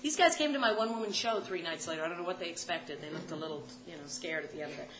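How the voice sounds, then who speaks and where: A woman comedian telling a story live, wry and animated, acting out the people she quotes. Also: fairly low pitch, racing. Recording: echoey room, loud background noise.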